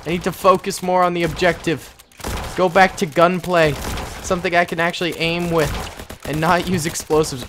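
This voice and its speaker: A man giving jokey, excitable gameplay commentary, bursting into yelps and shouts. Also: high-pitched, slight background noise. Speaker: gaming YouTuber.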